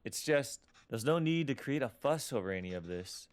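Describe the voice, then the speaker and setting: A man's voice: medium pitch, expressive, normal speed, close to an everyday voice. A man reading the lines of a defensive young son leaving for university, curt and exasperated. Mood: placating. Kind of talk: reading game dialogue aloud.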